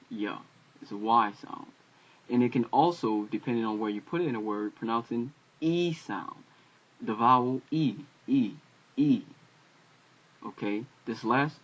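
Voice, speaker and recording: Male amateur teacher, lower voice, hesitant delivery full of fillers and restarts; muffled home recording. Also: fairly bright tone. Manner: halting, many fillers and self-corrections. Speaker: language teacher. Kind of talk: casual home-made video lesson. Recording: dull lo-fi home video audio.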